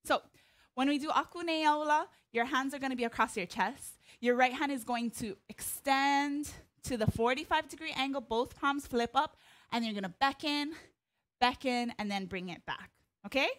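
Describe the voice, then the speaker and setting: A woman's voice: sits high, moderate pace, fairly bright tone. A woman teaching an online hula lesson, counting the beats, chanting cues and explaining moves in a friendly, joking way. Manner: friendly, explains with small jokes and laughs.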